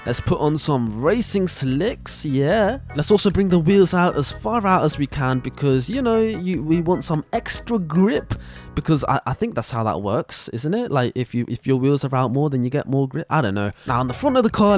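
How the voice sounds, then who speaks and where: Guy doing casual game commentary, kinda high voice, jokey, stumbles over words a lot. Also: moderate pace, faint music behind. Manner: animated, joking, often trips over his words. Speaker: gaming channel host. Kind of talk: gameplay commentary.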